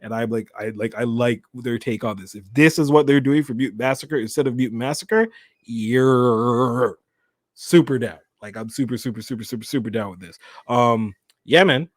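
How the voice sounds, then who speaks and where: A young man hosting his own channel, giving a casual, excitable episode recap that rambles, repeats words and uses lots of slang. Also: medium pitch, normal speed, no room sound, studio quality. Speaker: channel host.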